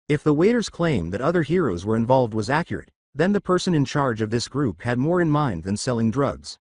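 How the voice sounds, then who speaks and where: Man narrating a fan story, lively pitch. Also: fairly quick, few pauses, no echo, studio quality.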